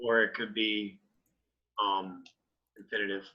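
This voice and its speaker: A man, a language student, reading practice words aloud slowly and carefully. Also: fairly low pitch, level tone, lo-fi sound.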